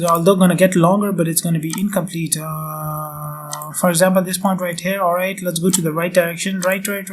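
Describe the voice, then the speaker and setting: A man talking through a software tutorial in a casual, chatty way, full of fillers and addressing viewers as guys. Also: high-pitched, slight background noise. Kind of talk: casual screen-recorded tutorial.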